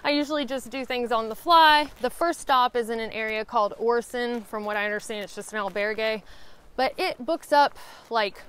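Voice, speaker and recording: A woman's voice: fairly high pitch, normal speed, fairly bright tone, smooth. A woman from Alabama with a Southern accent, chatting in a casual vlog while hiking a rural trail. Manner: chatty, upbeat. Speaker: vlogger.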